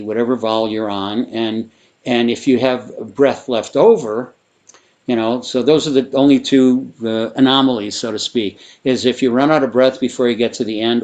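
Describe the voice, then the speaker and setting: A man teaching a guided vocal breathing exercise, talking in a relaxed, rambling way with fillers and restarts. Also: lowish voice. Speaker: sound therapy teacher.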